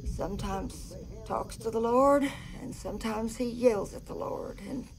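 An actress playing a mother who hesitantly explains her grown son's shouting in a film. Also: a little high, a little slow, creaky, crowd noise, poor audio. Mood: apologetic. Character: older mother excusing her grown son.

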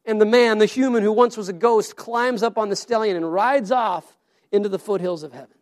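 A man's voice: high voice, a little fast. A man preaching a sermon, earnest and story-driven, often repeating his words as he goes. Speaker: pastor.

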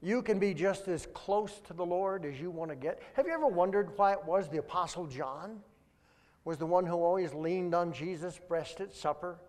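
An older man, a guest speaker, preaching a sermon and telling a family story in a folksy, animated way. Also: on the high side, normal speed. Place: large church sanctuary. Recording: long reverb of a large hall. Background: congregation.

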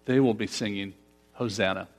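Higher-voiced man preaching a casual sermon. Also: lively intonation, measured pace, faint music behind. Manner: conversational, asks the congregation questions, laughs often. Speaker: pastor.

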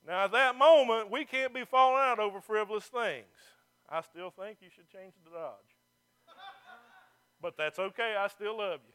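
A man's voice: sits high, normal speed, a bit bright, smooth. A male pastor, preaching a folksy, fervent sermon to a church.

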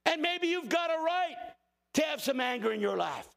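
50s pastor guy preaching loud, really high gravelly voice, big hall reverb. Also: big pitch swings, normal speed. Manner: impassioned preaching, often shouting. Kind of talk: sermon.

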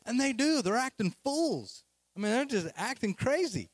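A man preaching a sermon as a lively, casual, slangy retelling of a story. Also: very high-pitched, normal speed, no echo.

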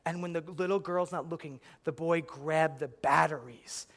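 A young man performing a stand-up comedy routine, telling animated stories and acting out his own reactions. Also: fairly high pitch, moderate pace. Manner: animated storytelling, acts out yelling at the screen.

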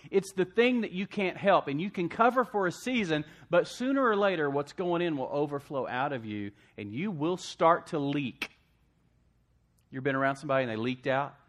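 A man preaching a sermon to a church congregation, asking "amen?" and swinging from hushed asides to loud emphasis. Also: mid-range voice. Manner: call-and-response preaching, asks congregation "amen?". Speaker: pastor.

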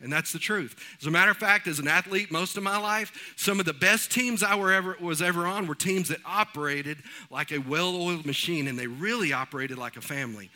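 A man preaching from the pulpit. His voice is high and very bright, with a ringing edge. He tells homespun stories in a folksy, animated way. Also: fairly quick, hardly any pauses. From East Texas. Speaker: pastor. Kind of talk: sermon.

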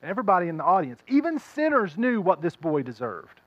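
High-voiced man preaching a story. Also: wildly swooping pitch, fast talker, highs cut off. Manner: storytelling, acting out crowd voices. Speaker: pastor. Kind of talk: sermon.

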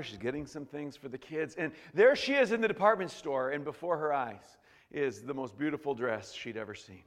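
In a church sanctuary with long reverb, a man preaches a sermon as pastor. His voice is on the high side and fairly bright, and his style is jokey and conversational, with frequent restarts.

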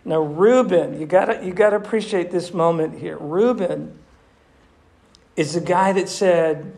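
A male pastor who preaches a sermon and retells scripture in an animated, emphatic storytelling manner. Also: sits high, a little slow, creaky.

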